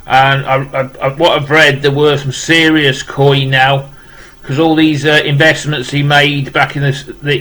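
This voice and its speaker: Man, slightly high voice, flat monotone delivery, rambling casual unboxing chat. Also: poor audio. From West Midlands, England. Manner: rambling, repeating "wow" and restarting with many fillers. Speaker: vlogger opening a parcel of rock music gifts.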